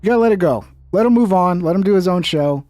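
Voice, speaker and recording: Young male streamer, slightly high voice, casual skeptical reactions. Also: animated, fast, warm tone, dry recording, clean studio sound. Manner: casual, skeptical, swears freely. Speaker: commentary streamer.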